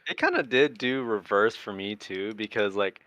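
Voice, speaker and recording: A man's voice: fairly low pitch, normal speed, bright, forceful tone, no room sound, lo-fi sound. A man from Michigan with a light Midwestern accent, chatting on a podcast, leaning on fillers like "like". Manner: filler-heavy, hesitant phrasing. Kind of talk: casual podcast chat.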